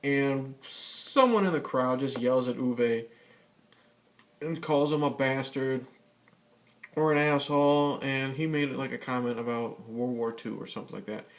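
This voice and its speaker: A man's voice: mid-range voice, unhurried. Profane rambling male vlogger. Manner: profane, rambling with many fillers and restarts. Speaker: YouTube vlogger. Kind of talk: casual ranting vlog.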